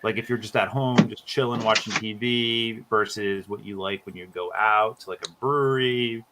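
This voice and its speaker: A man hosting a casual video-call chat, laid-back, with drawn-out fillers. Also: on the low side, fairly even intonation, background noise. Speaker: host.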